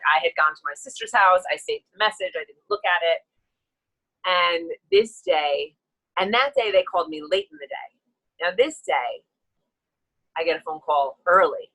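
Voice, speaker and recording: A woman's voice: lowish voice, rough recording. A woman guest candidly telling a long personal story, frank and emotional, acting out the people she quotes. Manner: animated, acts out quoted people in shifting voices; frank and emotional, rambling with fillers.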